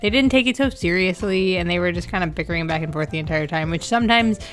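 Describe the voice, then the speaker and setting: A woman's voice: fairly low pitch, quick pace, faint music behind. A woman co-hosting a movie review show, speaking in a loose, easygoing way with casual fillers. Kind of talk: casual chat.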